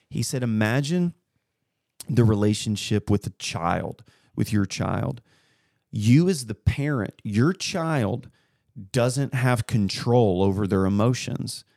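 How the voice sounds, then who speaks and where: Man, 30s, lower voice, unhurried storyteller co-host, dry close sound. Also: no room sound. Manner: storytelling, animated retelling of a conversation. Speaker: podcast co-host. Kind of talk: casual faith chat.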